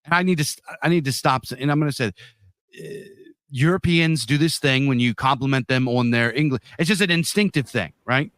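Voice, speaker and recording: A man, co-hosting a podcast, ranting in a heated, profane way that swings between loud and quiet. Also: medium pitch, brisk, dry recording. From United States. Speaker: podcast co-host. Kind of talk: casual podcast rant.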